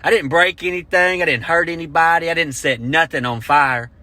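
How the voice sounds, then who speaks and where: A man's voice: on the high side, fairly quick, bright, forceful tone, no echo. A man telling a comic story as a profane, sarcastic rant. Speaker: stand-up comedian.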